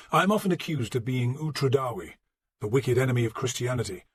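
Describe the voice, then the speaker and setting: A man narrating an audiobook in a measured, steady storytelling manner. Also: mid-range voice, breathy edge, no echo, studio quality. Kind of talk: scripted narration.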